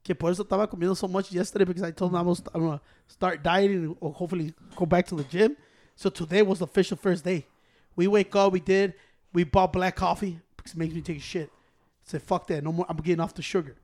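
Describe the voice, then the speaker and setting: A man with a high-pitched voice spins a rowdy, profane story among friends. He keeps dropping into Spanish and acts out every person he quotes. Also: fast. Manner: profane, animated storytelling, switching into Spanish and acting out quoted people. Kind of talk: casual chat.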